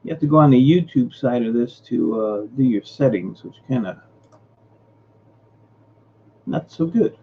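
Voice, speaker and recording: A man's voice: mid-range voice, animated, measured pace, pauses often, lo-fi sound, a little hiss or hum. A man hosting a casual livestream, greeting viewers by name and muttering while he fixes his setup. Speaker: livestream host. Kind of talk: casual live-stream chat.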